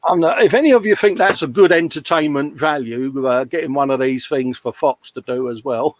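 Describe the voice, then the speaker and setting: A man's voice: medium pitch, moderate pace, no echo. A man hosting a casual live show, reading out viewer comments with jokey banter and calling everyone mate.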